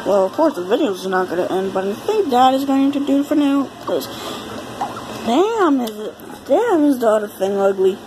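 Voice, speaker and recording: A woman with a cold giving excitable, rambling commentary over her gameplay, exclaiming often. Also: fairly high pitch, moderate pace, poor audio. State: has a cold. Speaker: let's play gamer. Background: game music.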